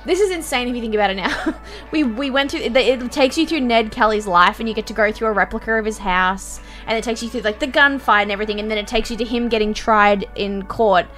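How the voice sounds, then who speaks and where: A young woman, telling stories and reacting on a stream in a giggly, animated way, swearing casually. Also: a little high, fast, soft background music.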